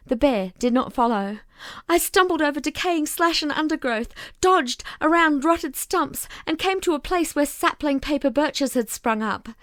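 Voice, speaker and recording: A woman reading a novel aloud in slow, expressive narration on a close mic. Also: sits high, dry recording. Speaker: audiobook reader.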